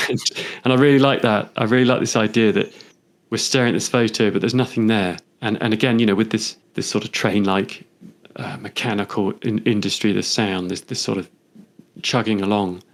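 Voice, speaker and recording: A man with a somewhat low voice speaks in a relaxed, conversational interview. He is a photographer who reflects on his pictures, wandering from thought to thought and thinking aloud. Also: a little fast.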